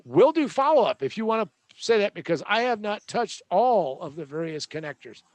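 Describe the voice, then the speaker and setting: High-voiced man ranting about gadgets. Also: very animated, normal speed, a little mellow, dry recording. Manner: sarcastic, joking, rambling. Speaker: host. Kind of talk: comedic tech rant.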